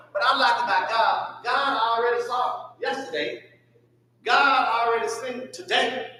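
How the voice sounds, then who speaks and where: A Southern man leads a church Bible lesson, calling questions out to the class and answering them. His voice sits high and bright. He is heard from a distance in a very echoey church room. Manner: call-and-response questioning. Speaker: Sunday school teacher. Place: church hall.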